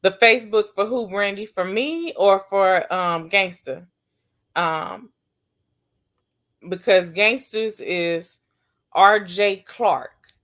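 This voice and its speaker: A woman hosting a casual livestream, chatting warmly and answering viewers' comments one by one. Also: medium pitch, takes it slowly, pauses often. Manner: affectionate, calls viewers baby and sis. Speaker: livestream host.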